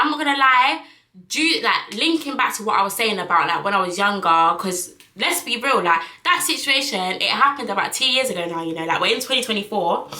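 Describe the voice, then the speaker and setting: A woman's voice: medium pitch, pushed and bright, roomy sound, poor audio. A young woman, chatting frankly to camera in a casual vlog, full of fillers. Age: young adult. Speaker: vlogger.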